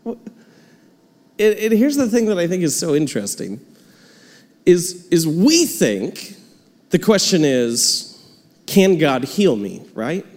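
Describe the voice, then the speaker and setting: Animated high-voiced male pastor. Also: slow, in a large hall. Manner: cheerful, animated storytelling with laughs. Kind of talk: sermon. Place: church sanctuary.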